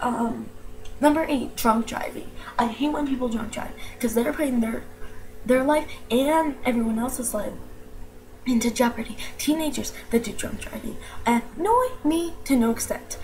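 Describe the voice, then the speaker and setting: A young woman with a slight New York accent, ranting in a casual vlog, slangy and animated with lots of "like". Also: on the high side, a little slow, a little hiss or hum, poor audio. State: allergies, tired.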